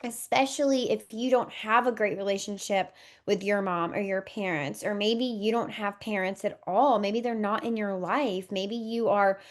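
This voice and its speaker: A doula in her thirties who is pregnant with her first child talks as a guest in a podcast interview. Her medium-pitched voice is steady and her pace moderate, and her manner is earnest, heartfelt, and reflective.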